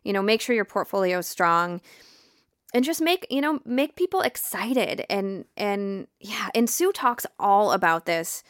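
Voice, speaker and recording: A woman's voice: mid-range voice, animated, a little slow, dry recording, studio quality. A woman hosting a podcast, giving enthusiastic, chatty business advice with plenty of fillers. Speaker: podcast host. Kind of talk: casual advice chat.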